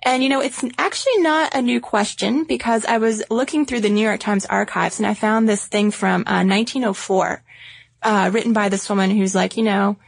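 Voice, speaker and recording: A woman's voice: medium pitch, moderate pace, gravelly, no echo. A woman co-hosting a podcast in casual chat, chatty and teasing. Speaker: podcast co-host.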